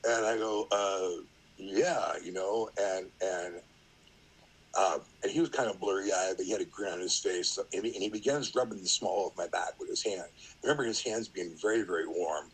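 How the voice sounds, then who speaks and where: A man's voice: low voice, moderate pace, slightly rough, low-quality recording. A middle-aged man, a podcast guest, telling a story in a rambling, casual way, full of fillers and acted-out quotes.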